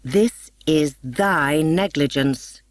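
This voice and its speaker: A woman voicing a stern, commanding male fairy king, speaking slowly and deliberately. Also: low voice, lively intonation, slightly rough, dry recording, full character voice. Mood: vexed.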